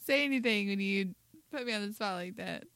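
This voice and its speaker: A woman's voice: mid-range voice, a little fast, a bit bright, dry recording. A woman with a Southern US accent co-hosting a casual podcast, dry and matter-of-fact. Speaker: podcast co-host.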